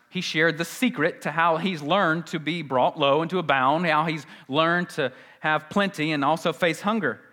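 A man preaching a sermon, moving between quiet, intense lows and urgent, rising pleas. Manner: dynamic preaching, drops to soft intense lows and rises to urgent pleading. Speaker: pastor.

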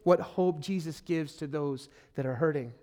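A man's voice: fairly high pitch, moderate pace, darkish tone. A man preaching a sermon as a pastor, earnest and emphatic, repeating key phrases and speaking to listeners directly as "friend.".

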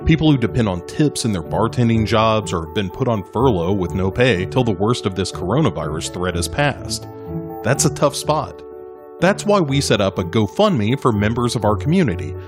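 A man's voice: lowish voice, expressive, moderate pace. A man reading a scripted charity promo for a podcast network in a friendly, conversational way. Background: music.

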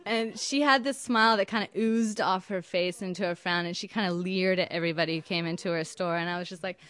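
A woman's voice: on the low side, steady tone, fast, fairly bright tone, smooth, no room sound. A woman telling a personal story in an emphatic, wry, indignant way. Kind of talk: personal story told to an audience.

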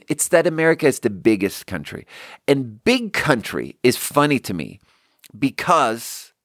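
A man's voice: medium pitch, dry recording, studio quality. A man hosting a casual comedic monologue, rambling with restarts, swearing freely and acting out the people he quotes. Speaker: podcast host.

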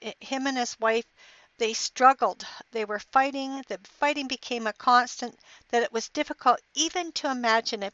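A woman's voice: on the high side, a bit bright, no room sound. A middle-aged woman hosting a motivational podcast in an upbeat, encouraging, inspirational way. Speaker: podcast host. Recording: dry, dull lo-fi podcast audio.

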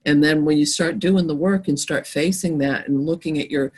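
A woman's voice: low voice, normal speed, darkish tone, breathy edge, rough recording. A woman podcast host talking in an earnest, reflective way in a casual conversation.

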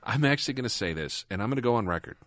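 A man's voice: mid-range voice, lively intonation, very fast, a bit bright, dry recording, clean studio sound. A man co-hosting a casual car podcast, talking in a rambling, chatty way and laughing often. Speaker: podcast co-host.

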